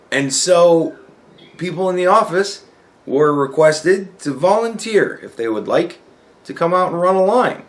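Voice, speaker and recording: A man's voice: sits high, animated, a little slow. Profane man ranting casually. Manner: profane, storytelling, acts out quoted dialogue. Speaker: vlogger. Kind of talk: casual rant.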